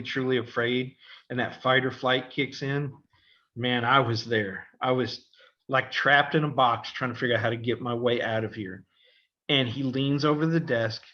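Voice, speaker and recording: Bright-voiced man telling a story. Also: mid-range voice, dull audio. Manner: animated, acts out quoted voices, laughs often. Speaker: podcast co-host. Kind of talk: casual storytelling.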